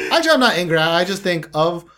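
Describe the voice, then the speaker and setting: A man co-hosting a casual music review chat, animated and quick to break into mock rants with swearing. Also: high-pitched. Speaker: co-host reviewing music videos.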